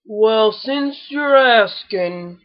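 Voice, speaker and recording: A woman doing a slow, gloomy old donkey. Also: animated, dull audio. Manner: slow rumbling drawl.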